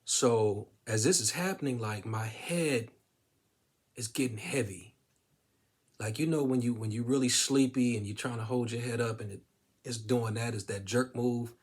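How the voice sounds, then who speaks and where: A man casually telling a personal story to his viewers, relaxed, with many fillers and quoted bits of dialogue. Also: medium pitch, normal speed, slightly rough. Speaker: vlogger sharing a personal story.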